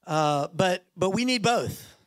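A man preaching a sermon in a church with a lively, animated delivery. He jokes with the room and often acts out other voices as he talks. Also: high-pitched, slow pace. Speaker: guest preacher.

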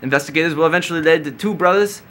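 A man's voice: a little high, very fast, fairly bright tone, pitched above the performer's own voice, lightly acted. A young man putting on an exaggerated, admittedly clumsy British accent to read a school news item. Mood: mock-serious. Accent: put-on British. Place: school sound booth.

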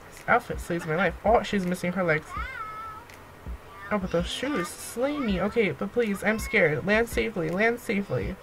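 A young woman giving excitable let's-play commentary, gasping and pleading with the game as she plays. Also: mid-range voice, normal speed, a little hiss or hum, poor audio. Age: young adult. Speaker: gaming YouTuber.

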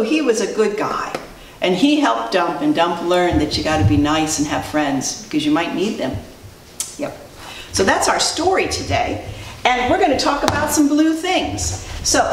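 A woman who teaches preschool, reading a picture book to small children in an animated, sing-song way and quizzing them as she goes. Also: on the high side, a little hiss or hum. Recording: echoey room, distant mic.

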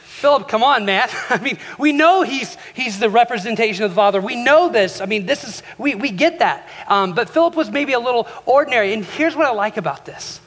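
High-voiced pastor preaching in an echoey hall. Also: male voice, fairly quick, few pauses. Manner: animated storyteller acting out quoted lines. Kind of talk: sermon. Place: church sanctuary.

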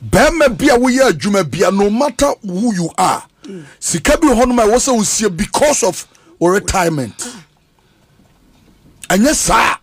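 Earnest high-voiced Ghanaian man. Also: sing-song, moderate pace, husky, dry recording. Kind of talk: church talk show discussion.

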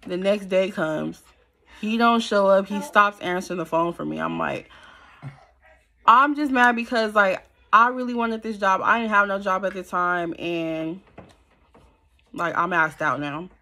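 A young woman telling a personal story to camera in a casual, slangy, animated way. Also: mid-range voice, measured pace. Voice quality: animated, slangy and conversational, with many fillers. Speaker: storytime vlogger.

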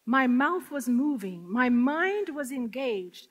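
A woman giving an impassioned testimony to a women's gathering, swinging from hushed whispers to loud, tearful outcries. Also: sits high, big pitch swings, takes it slowly, breathy edge. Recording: long hall reverb.

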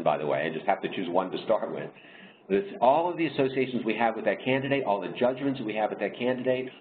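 A man presenting a webinar over slides, explaining in a measured way with frequent pauses and restarts. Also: low voice. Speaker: diversity consultant leading a webinar. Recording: tinny phone-like line with faint noise.

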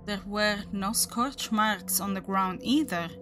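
A woman voicing a calm, mysterious demon hunter. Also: medium pitch, slow, music in the background, lightly acted. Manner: calm, polite, matter-of-fact.

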